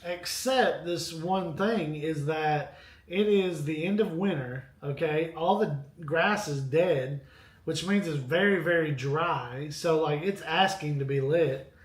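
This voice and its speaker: Speaking slowly in a strikingly high voice, a man spins a long, rambling tale on a casual live stream, animated and frequently addressing viewers directly. The recording has the echo of a hard-walled room.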